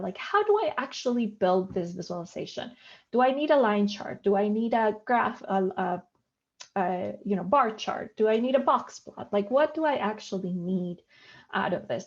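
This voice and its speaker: A woman's voice: on the high side, very animated, normal speed, lo-fi sound. A woman giving an online workshop lecture over a video call. She explains step by step and often poses rhetorical questions. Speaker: workshop presenter.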